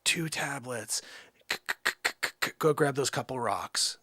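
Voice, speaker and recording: A man's voice: medium pitch, takes it slowly, bright, forceful tone, husky, no room sound, heavily acted. A man voicing God as a bossy burning bush who gives orders in slangy, offhand talk.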